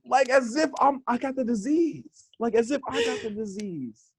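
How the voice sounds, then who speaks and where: A young American man from Los Angeles, a guest in a casual interview, telling stories with lively acted-out quotes and frequent laughs. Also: very high-pitched, moderate pace, breathy edge. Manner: animated storyteller who acts out quoted voices, laughs often. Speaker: interview guest, hip hop instructor.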